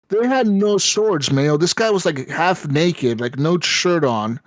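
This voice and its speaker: Animated, swearing man telling game stories. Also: on the high side, moderate pace, hardly any pauses, no echo. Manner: animated storytelling, swears often. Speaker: podcast co-host. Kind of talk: casual chat.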